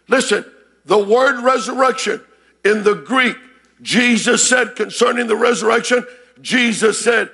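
High, gravelly preaching pastor, man. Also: normal speed, long pauses. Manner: shouts and repeats phrases, calls to congregation. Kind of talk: sermon. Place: church sanctuary.

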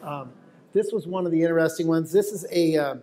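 A man's voice: fairly high pitch, a little fast, mellow. An American man giving a talk to a live audience, telling stories in a chatty way with asides to the crowd. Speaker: wildlife photographer giving a talk. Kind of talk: lecture to an audience.

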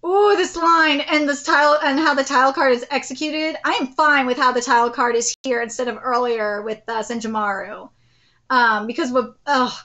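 A woman hosting a live anime reaction, outspoken and swearing freely, breaking into excited exclamations. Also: sits high, muffled recording.

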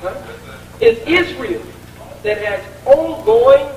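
A man's voice: very high-pitched, lively intonation, takes it slowly, darkish tone, a little hiss or hum. A man giving a combative, taunting public speech with a preacher-like cadence at a college event. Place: large college lecture hall. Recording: echoey hall recording from far off.

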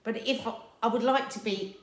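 A woman's voice: fairly high pitch, brisk, roomy sound, slight background noise. A woman with a South London accent co-hosting a casual family livestream, chatty and teasing. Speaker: co-host.

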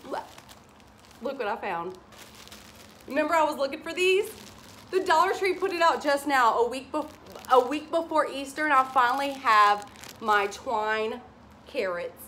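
In a relaxed to-camera chat, a drawling woman presents her haul as a vlogger. Every item sets off another excited, giddy gush in her somewhat high voice, and a little background noise can be heard.

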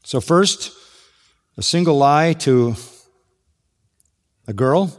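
A man's voice: on the high side, expressive, very slow. Man, pastor, expository sermon, rhetorical questions, long hall reverb.

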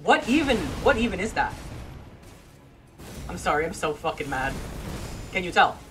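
A gamer commentating a let's play, with game music running underneath. The voice swings widely in pitch, from muttered complaints up to sudden shouts. Profanity comes constantly, in the tone of someone losing patience with a hard boss. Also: big pitch swings, moderate pace. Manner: profane, frustrated, bursts into yells.

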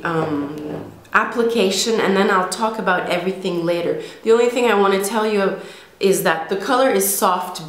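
Lady w a stuffy cold nose, lowish voice, rambling beauty vlog, echoey room. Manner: chatty and hesitant, many ums. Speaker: beauty vlogger. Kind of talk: casual makeup review. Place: home, in daylight.

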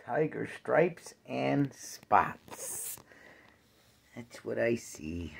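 A doting man coos baby talk, his gravelly voice leaping up and down in a lively sing-song. He drawls each phrase very slowly, dropping now and then to soft asides. It sounds like a phone held close in a room at home. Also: mid-range voice, slight background noise. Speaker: pet owner filming his cat. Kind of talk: cooing baby talk to a pet. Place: at home, near a bed.

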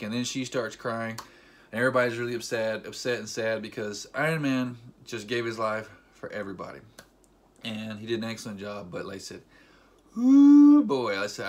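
A man vlogging a casual, excited movie recap, rambling with fillers and acting scenes out with sound effects like "boom" and "ding.". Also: fairly quick. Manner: animated storyteller with sound effects; loose, rambling, filler-heavy delivery.

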